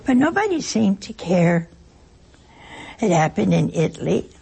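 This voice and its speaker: A woman's voice: on the low side, very animated, unhurried, gravelly, mellow, breathy edge, rough recording. A woman giving an informal talk to an audience, a folksy, joking storyteller who acts out little exchanges. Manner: acts out short exchanges in other voices. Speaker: speaker addressing an audience. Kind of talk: informal spoken talk with anecdotes.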